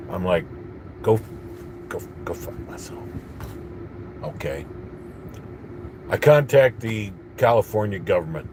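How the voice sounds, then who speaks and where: Bitter rambling man, low-pitched. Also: a little mellow, a little hiss or hum. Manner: bitter, rambling rant with restarts. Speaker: vlogger. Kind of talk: casual monologue to camera.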